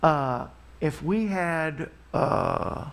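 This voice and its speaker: A man's voice: fairly high pitch, sing-song, drawn-out words, vocal fry, fairly bright tone. A man hosting a live talk show, chatting casually and rambling as he pleads for donations. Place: Missouri studio.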